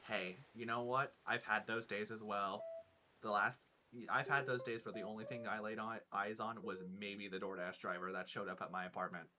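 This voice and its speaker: A man's voice: lowish voice, little pitch movement, normal speed, sharp tone, slight background noise. A man with a Minnesotan accent chatting playfully over a game stream, joking and swearing. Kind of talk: casual gaming stream commentary.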